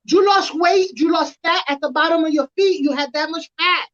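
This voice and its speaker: A woman's voice: very high-pitched, normal speed, highs cut off, background noise, voice pushed up. Woman doing a blustering army first sergeant. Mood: lecturing. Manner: scolding, yelling.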